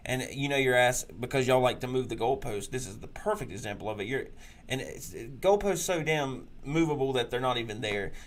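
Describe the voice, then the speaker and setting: A man's voice: medium pitch, animated, a little fast. A man hosting a political talk show, ranting crudely and mocking people in sneering put-on voices. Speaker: podcast host.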